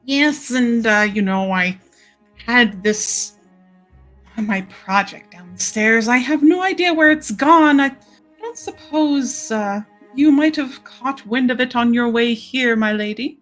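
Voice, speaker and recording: A nasally nobleman, fussy and fretful, who rambles politely in a slow, fairly high voice, as a woman puts him on during a tabletop game. Faint music plays behind him. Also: fairly bright tone.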